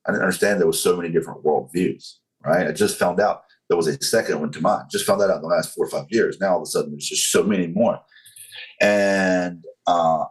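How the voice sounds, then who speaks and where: A man in his forties from North Carolina with a Southern accent, telling his story as a podcast guest in a slow, controlled way. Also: sits low. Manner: slow, controlled, deliberate delivery.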